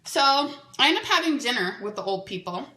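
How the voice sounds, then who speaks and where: A woman podcaster tells a long story in a chatty, animated way, with a "like" in nearly every sentence. Her voice is bright and sounds as if it was recorded in an echoey room. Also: fairly high pitch, brisk. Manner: chatty and animated, full of "like" fillers. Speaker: podcast host. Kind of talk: casual storytelling monologue. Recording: roomy echo.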